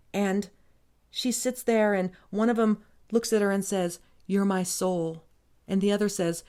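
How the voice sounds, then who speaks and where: A woman's voice: medium pitch, darkish tone, clear, resonant tone. A woman hosting a podcast, recapping a book in a casual, sarcastic, rambling way with plenty of swearing. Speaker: podcast host.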